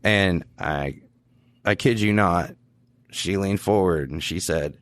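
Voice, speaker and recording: A man's voice: deep voice, slow, no echo. A man who works as a police officer, telling work stories in a casual podcast chat, laughing as he goes. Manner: laughing, animated anecdotes with quoted voices.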